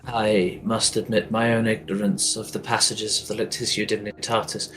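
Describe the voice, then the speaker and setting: A man's voice: on the low side, little pitch movement, moderate pace, fairly bright tone, faint music behind, close to an everyday voice. A man voicing a humble, polite young male acolyte who speaks carefully and apologetically. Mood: humble concern.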